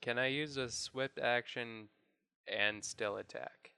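A man's voice: medium pitch, steady tone, slow, pushed and bright, clear, resonant tone, no echo. A man playing a tabletop game, joking and laughing as he talks. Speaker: player. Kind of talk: casual tabletop game chat.

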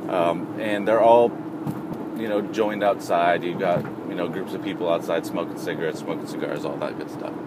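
A man telling a funny story in a casual, rambling way with lots of asides, over traffic noise. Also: on the low side.

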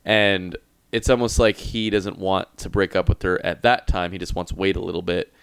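A man's voice: deep voice, fairly even intonation, normal speed, creaky, a bit bright, smooth, no room sound. A man in casual chat giving blunt opinions, with casual swearing.

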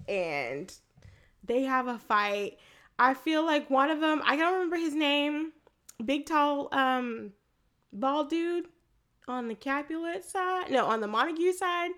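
A woman co-hosting a podcast, retelling a film in a casual, animated and profane way with frequent laughter. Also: sits high, takes it slowly. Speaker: podcast co-host. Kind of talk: casual film recap chat.

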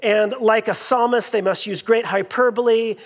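High-voiced pastor preaching in reverberant hall. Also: male voice, fairly even intonation, normal speed. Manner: conversational preaching with frequent fillers and repeated phrases. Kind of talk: sermon. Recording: long reverb in a large hall.

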